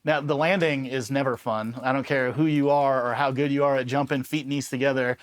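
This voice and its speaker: A man from Los Angeles, a former Army Ranger, telling war stories in a casual, animated interview and swearing freely as he acts out the people he quotes. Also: mid-range voice. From Los Angeles, USA. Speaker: Army Ranger veteran guest.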